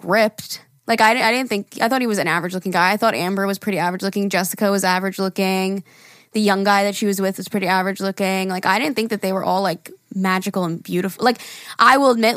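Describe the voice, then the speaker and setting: A young woman with a raspy voice co-hosting a podcast in casual chat, peppering her talk with "like". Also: medium pitch, quick pace, a bit bright, dry recording, studio quality. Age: young adult. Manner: chatty, lots of "like", swears casually. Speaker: podcast co-host.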